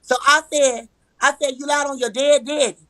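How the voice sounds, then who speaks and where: On a low-quality recording with no room sound, a woman guest on a live stream tells a heated, profane, repetitive personal story and acts out the arguments she quotes. Her voice sits high and is a bit bright, at normal speed with fairly even intonation.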